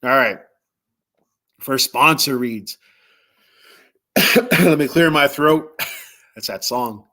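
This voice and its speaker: A man hosting a sports podcast, reading sponsor spots casually with lots of fillers and slow, careful reading of phone numbers. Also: medium pitch, bright, forceful tone. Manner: rambling, filler-heavy, tired; reads numbers slowly and deliberately. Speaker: podcast host.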